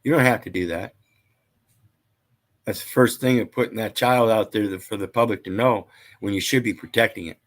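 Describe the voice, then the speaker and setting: A man's voice: lowish voice, fairly even intonation, normal speed, pauses often. A man lecturing casually, reading out statute numbers and scripture in a rambling, preachy way. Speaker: channel host.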